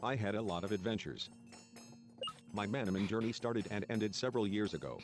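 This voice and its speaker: A man's voice: fairly low pitch, brisk, over music. A man reading game dialogue and narration aloud in a let's play.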